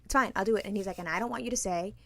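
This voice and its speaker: A woman's voice: mid-range voice, very fast, a bit bright, no echo. A woman in her thirties, a podcast co-host telling a story in casual chat, blunt and profane, breaking into hard laughter.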